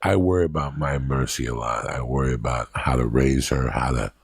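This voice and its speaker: Host type: a gruff man with a husky, gravelly rasp and a blunt, cursing way of talking. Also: extremely low pitch, a little fast, no room sound. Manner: blunt, profane, earnest. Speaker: podcast host. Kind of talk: casual chat.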